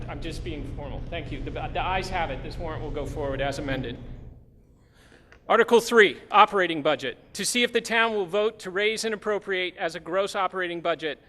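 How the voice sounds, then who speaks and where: A man's voice: high-pitched, pushed and bright. A man moderating a town meeting, calling votes and reading warrant articles aloud in a formal, procedural way. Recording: long hall reverb, faint noise.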